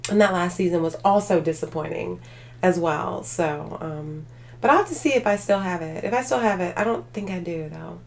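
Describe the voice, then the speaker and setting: Her voice is lowish and gravelly, moving at a moderate pace. She's a weary livestream host, talking casually with viewers, wandering from topic to topic with plenty of filler words and laughs.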